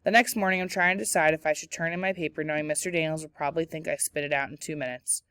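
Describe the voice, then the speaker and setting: A woman teacher reading a children's novel aloud in clear, steady storytelling narration. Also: sits low, rapid-fire, dry recording. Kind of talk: read-aloud book narration.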